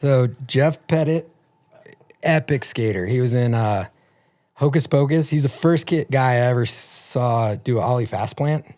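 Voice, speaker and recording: A man in his fifties, a podcast guest, tells loose, rambling stories with plenty of swearing. His voice sits at a middle pitch. The talk is relaxed and conversational. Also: measured pace. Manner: profane, rambling anecdotes. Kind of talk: casual storytelling.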